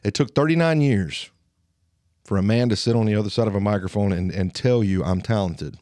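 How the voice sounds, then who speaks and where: A man in his late thirties from Alabama, with a Southern twang, giving an earnest, slow motivational monologue as a podcast host, pausing for emphasis. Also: lowish voice, a little mellow, dry recording, studio quality. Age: 30s.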